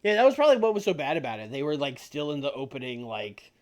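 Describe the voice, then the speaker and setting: A man's voice: fairly high pitch, big pitch swings, quick pace. A man chatting casually while playing a wrestling sim game with a friend, dry and teasing, breaking into laughter. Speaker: co-host of a game stream. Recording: faint music behind.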